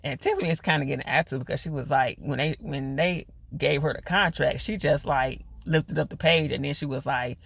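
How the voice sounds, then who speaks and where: A man's voice: fairly high pitch, fairly quick, creaky, hardly any pauses, a bit bright. A man recapping a TV episode in a chatty, slangy way, full of fillers. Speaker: TV reviewer.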